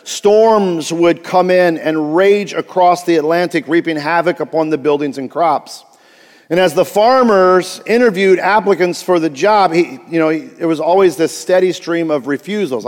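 A man's voice: a little high, normal speed, long reverb tail. A male pastor preaching a sermon, telling a story with frequent restarts and asides.

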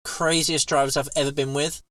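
A man's voice: a little high, flat delivery, a little fast, crowd noise. A man co-hosting a podcast in casual chat, chiming in with jokes. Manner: wisecracking, chimes in with jokes. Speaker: podcast co-host.

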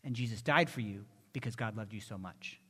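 A male pastor preaching a sermon, impassioned, moving from soft pleading to loud emphasis. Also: on the low side, fairly quick, husky. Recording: long reverb of a large hall.

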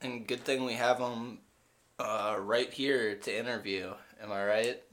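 Bright-voiced young man joking with friends. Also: medium pitch, unhurried. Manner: joking, swears freely, deadpan mock conspiracy talk. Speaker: podcast co-host. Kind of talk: casual chat.

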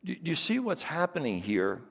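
A man's voice: on the high side, wildly swooping pitch, normal speed, a bit bright, big-room sound. A male pastor preaching a sermon, building emphasis through repeated phrases.

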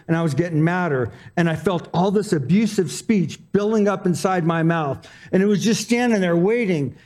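A man's voice: high-pitched, moderate pace, hardly any pauses, a little mellow. A man preaching a sermon, telling self-deprecating personal stories in a conversational way. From Arizona. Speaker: pastor.

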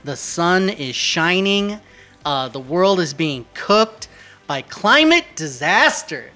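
A man's voice: a little high, big pitch swings, slow, pushed and bright, soft background music. A man hosting a gaming podcast, opening with playful hype-building announcer flair, then chatting casually. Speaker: podcast host.

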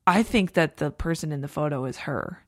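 A woman with a notably low voice co-hosts a podcast, chatting casually and rambling with plenty of fillers. Her voice sits close and dry, with no room sound around it. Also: a little fast, dry recording. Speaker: podcast co-host. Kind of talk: casual chat.

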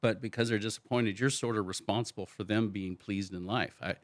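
Older man, very deep voice, dry close sound, thoughtful conversational storyteller. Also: steady tone, fairly quick, no room sound. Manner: reflective, storytelling, laughs easily. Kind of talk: casual conversation.

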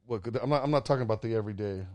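A man's voice: lowish voice, very fast, warm tone, no room sound. A man in casual podcast conversation, talking earnestly in loose, trailing phrases. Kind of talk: casual chat.

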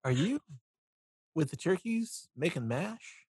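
A man's voice: on the high side, big pitch swings, slow pace, a little mellow, husky, no room sound, studio quality. A man playing in a tabletop role-playing game, eager and jokey. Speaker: player. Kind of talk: casual tabletop play.

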